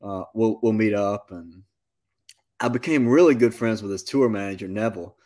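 A man, a musician guest telling a long story in a casual, animated interview. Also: lowish voice, normal speed. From North Carolina. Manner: animated anecdote-telling, with quoted asides.

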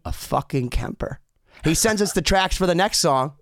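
A man from Boston, a co-host, excitedly telling stories in casual chat and acting out what people said. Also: on the high side, moderate pace, no room sound, studio quality. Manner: excited storyteller, acts out quotes.

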